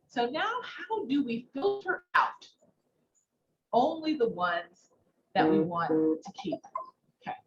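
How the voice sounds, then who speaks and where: A woman's voice: a little high, very animated, takes it slowly, long pauses. A woman instructor teaching a live coding lesson, thinking aloud and asking rhetorical questions. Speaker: workshop instructor. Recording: dull muffled sound, faint background noise.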